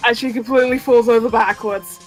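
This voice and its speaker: A woman running a tabletop game as game master, narrating with excitable, quick reactions. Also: on the high side, soft background music, rough recording.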